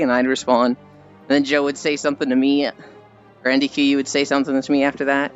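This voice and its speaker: A man's voice: medium pitch, level tone, quick pace. An American man chatting casually on a live stream, rambling and reading chat aloud. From United States. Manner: rambling, chatty, laughs at own stories. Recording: dull lo-fi audio with faint background music.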